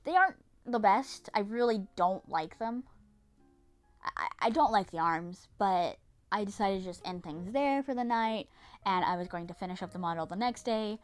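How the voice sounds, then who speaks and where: A woman's voice: mid-range voice, moderate pace, soft background music. A young woman narrating her vlog in a casual, dramatic way, swearing and repeating herself often. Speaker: vlogger.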